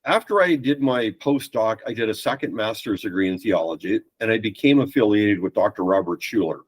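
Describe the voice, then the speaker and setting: A man's voice: on the low side, brisk, breathy edge, low-quality recording. A man, a podcast guest telling stories in casual chat and acting out other people's lines. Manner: animated anecdotes with quoted voices.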